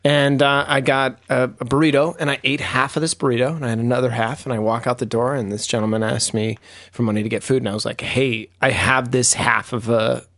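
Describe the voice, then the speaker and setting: A man's voice: mid-range voice, fairly even intonation, fast, fairly bright tone, no echo. A man co-hosting a podcast, laid-back and teasing in casual chat. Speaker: podcast co-host.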